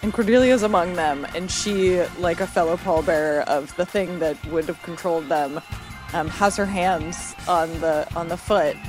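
A player describes their character's feelings in a reflective, unhurried way. The voice sits at a middle pitch. Music plays underneath. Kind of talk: playing a tabletop game.

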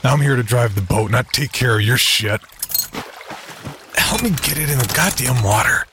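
A man voicing a prickly male scientist who talks in a high, squeaky, angry voice. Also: expressive, moderate pace, slight background noise. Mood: irritable. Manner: angry, shrill, contemptuous. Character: prickly fussy male scientist, middle-aged. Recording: voice over loud music.

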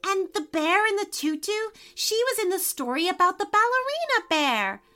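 A woman voicing an excited, curious young girl in a children's story. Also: very high-pitched, a little slow, soft background music, pitched above the performer's own voice, heavily acted.

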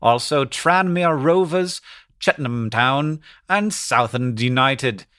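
Man doing a put-on BBC English newsreader bit, slow halting read, accent comes and goes, bright tone. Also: medium pitch, expressive, smooth, no echo, clean studio sound. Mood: mock formal. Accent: put-on English (BBC-style). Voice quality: uneven fake accent, slipping in and out. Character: adult male mock British sports newsreader, earnest. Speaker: podcast co-host.

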